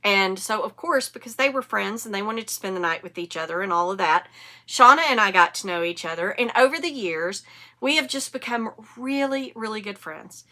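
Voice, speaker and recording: A woman in her fifties hosts a knitting podcast, chatting casually to camera in a rambling way and correcting herself as she goes. Her mid-range voice is expressive and sharp in tone, at a normal speed.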